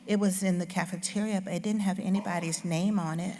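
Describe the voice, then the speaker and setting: A woman voicing a quiet, shy little girl who speaks meekly, in a reverberant hall. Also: on the low side, fairly even intonation, brisk, a little hiss or hum, natural voice. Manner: quiet and meek.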